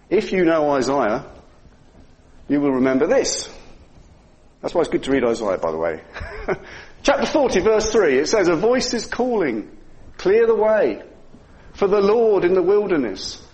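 Male preacher, high and very animated delivery, chatty and self-amused. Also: low-quality recording. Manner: chatty, asks the listeners questions, chuckles at himself. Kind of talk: conversational Bible teaching.

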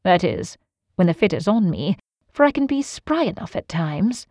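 A woman's voice: lowish voice, very animated, moderate pace, darkish tone, no echo, studio quality. A woman voicing Sherlock Holmes, an aloof Victorian detective, in a cool, offhand, lecturing manner.

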